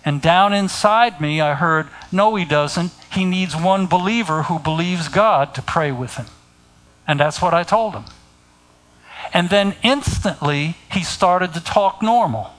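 A middle-aged man delivering a sermon in a slow, unhurried cadence. His voice sits a little high for a man. He speaks deliberately and keeps pointing his listeners to scripture. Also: a bit bright, low-quality recording. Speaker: preacher.

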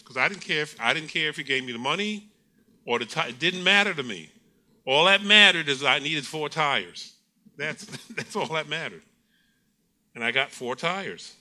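A middle-aged man preaching a sermon, telling stories with acted-out quotes and frequent laughter. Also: on the high side. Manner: animated storytelling preacher, acts out quotes, laughs often. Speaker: pastor.

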